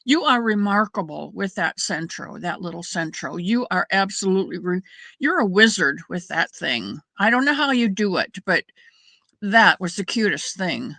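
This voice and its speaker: A middle-aged woman chats with her viewers during a crafting stream, rambling and greeting people by name. Her voice is bright and lively at a middle pitch. The sound is close and dry, with no room echo. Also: normal speed. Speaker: crafting livestream host. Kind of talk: casual chat with live viewers.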